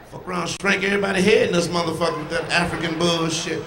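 A man doing crowd work in live stand-up, loud and profane as he teases people in the audience. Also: on the high side, fairly even intonation, quick pace. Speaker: stand-up comedian. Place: large comedy venue with live audience. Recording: echoey live hall with room noise.

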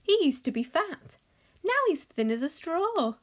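A woman's voice: very high-pitched, sing-song, measured pace, voice pushed up, exaggerated voice. A woman voicing an astonished, exclaiming old grandfather from a children's novel.

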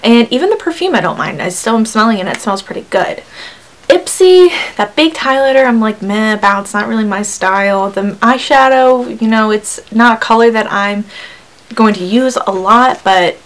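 A woman's voice: fairly high pitch, normal speed, poor audio. A young woman vlogging in a casual, chatty, upbeat way as she unboxes beauty samples, with frequent ums and likes.

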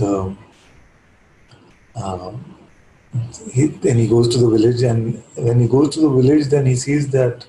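Calm male spiritual teacher, mellow voice. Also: medium pitch, slight background noise. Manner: calm, reflective, keeps asking "you see?". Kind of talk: satsang talk with a parable. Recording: echoey room.

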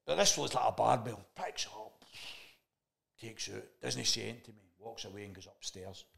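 Chat show guest: a rough-edged Scottish man who spins a yarn with salty language and plays every part himself. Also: fairly low pitch, a little fast, a bit bright. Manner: swears freely, acts out remembered dialogue. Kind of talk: casual storytelling chat.

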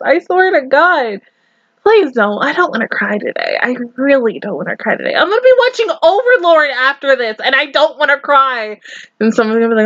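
Expressive young woman reacting, dry dull mic. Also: a little high, normal speed, no echo. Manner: expressive, swears, laughs often, talks back to the screen. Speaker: anime reaction YouTuber. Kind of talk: casual reaction commentary.

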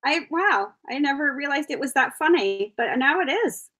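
A woman's voice: high voice, lively intonation, moderate pace, fairly bright tone. A woman hosting a craft livestream, chatting casually and encouraging her viewers. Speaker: host.

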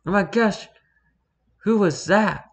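A man voicing an excitable young female cat in a high, squealing, gushing voice while reading a fan story aloud. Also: takes it slowly.

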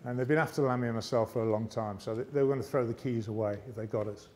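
English male speaker, warm and mellow, lively anecdotal delivery to a live audience. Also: medium pitch, quick pace. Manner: lively yarn-spinning with character voices. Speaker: motivational speaker. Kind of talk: anecdotal storytelling speech. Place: arts centre stage, live audience.

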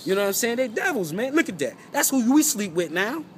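A man's voice: very high-pitched, big pitch swings, fast, a little hiss or hum. A man giving an emphatic, profane street rant, repeating himself and checking in with his listeners. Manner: emphatic, profane, repeats "you know what I'm saying". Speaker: host.

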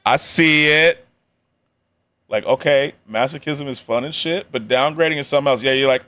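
A man's voice: medium pitch, moderate pace, sharp tone. A young man reacting to a video on a live stream, joking in slang and laughing often. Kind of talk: casual reaction commentary.

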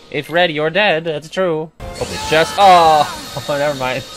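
A man giving casual gameplay commentary, excitable and quick to swear, yelping and exclaiming at the action. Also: on the high side. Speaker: let's play commentator. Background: game music.

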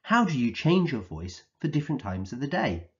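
A man teaching a recorded vocabulary lesson for young children, speaking slowly and clearly in an encouraging way and acting out the words he defines. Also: medium pitch, sing-song, lo-fi sound. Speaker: early years teacher.

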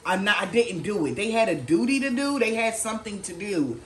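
Animated and fairly quick, a woman does a laid-back tarot reading in an echoey room with a bit of background noise. Her speech is slangy and full of swearing, and she acts out other people's words, quoting them in a lowered voice.

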